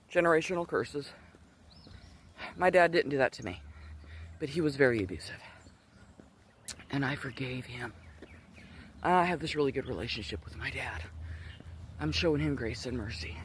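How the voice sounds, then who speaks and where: A man's voice: medium pitch, slight background noise. A middle-aged man telling a personal testimony in a casual, rambling way, slightly out of breath as he walks outdoors. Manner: rambling, digressive storytelling with many restarts. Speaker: Christian vlogger. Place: outdoors, walking.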